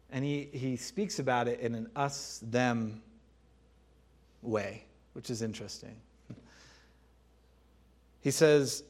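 A man preaching a sermon in a conversational, emphatic way, repeating key phrases and pausing to clear his throat. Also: mid-range voice. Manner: laughs and clears throat between points.

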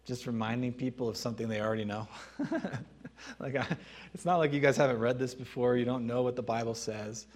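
A man preaching a sermon as pastor, teaching in a conversational way with pauses. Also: mid-range voice, a little mellow.

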